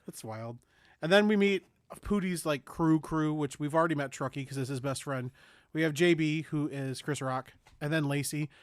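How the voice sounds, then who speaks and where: A man's voice: fairly high pitch, moderate pace, smooth, no echo, clean studio sound. A man co-hosting a podcast, casually recapping a movie, swearing, laughing and acting out lines. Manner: profane, laughs a lot, acts out movie lines. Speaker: podcast co-host.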